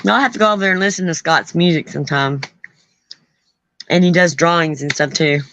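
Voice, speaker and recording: A woman's voice: low-pitched, a little fast, fairly bright tone, slight background noise. A middle-aged woman hosting a casual chat, folksy and blunt, laughing often. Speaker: host. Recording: dull lo-fi sound.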